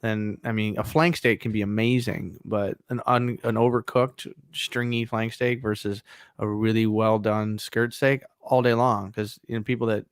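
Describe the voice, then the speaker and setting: Gravelly low guy going on and on w his opinions, podcast chat, dry mic. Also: little pitch movement, normal speed, no room sound. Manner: opinionated, lecturing in long run-on sentences. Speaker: podcast co-host. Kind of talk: casual chat.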